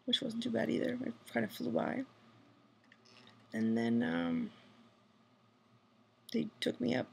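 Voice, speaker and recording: A woman's voice: on the high side, gravelly, a little mellow, breathy edge. A woman whispering a rambling video diary at night from a hospital room, full of fillers. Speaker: vlogger. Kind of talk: hushed personal video diary.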